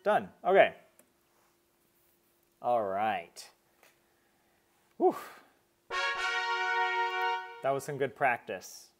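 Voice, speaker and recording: A man's voice: mid-range voice, sing-song, drawn-out words, long pauses, music in the background. A man chatting casually on a live stream, chatty and self-mocking, laughing at his own slips. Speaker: streamer learning a language.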